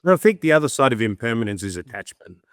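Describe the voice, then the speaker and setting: A man's voice: medium pitch, fast, clear, resonant tone, dry recording, studio quality. A middle-aged man with an Australian accent, speaking reflectively as a podcast guest and acting out little voices in his anecdotes. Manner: animated storyteller, acts out voices in anecdotes. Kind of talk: reflective interview talk.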